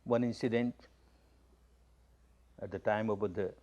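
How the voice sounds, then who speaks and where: A man's voice: lowish voice, fairly even intonation, measured pace, warm tone, muffled recording. A man from India, giving a spoken discourse as a spiritual teacher. He makes his points plainly and emphatically, and repeats key phrases as he tells stories.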